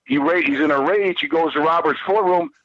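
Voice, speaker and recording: A man's voice: fairly high pitch, quick pace, no room sound, lo-fi sound. A man who is a guest on a podcast, telling a rambling, heated, profane story and repeating himself as he goes.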